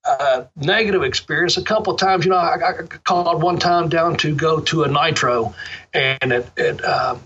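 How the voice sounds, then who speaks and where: A man's voice: fairly high pitch, normal speed, fairly bright tone, breathy edge. A middle-aged man, a former pro wrestler, telling rambling, profane stories in a laid-back interview. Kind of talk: casual storytelling interview. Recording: dull lo-fi sound.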